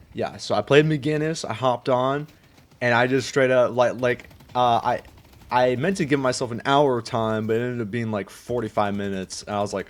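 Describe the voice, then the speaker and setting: A young man who just woke up, chatting casually and rambling with lots of fillers and swearing. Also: medium pitch. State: just woken up. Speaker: vlogger. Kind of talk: casual chat.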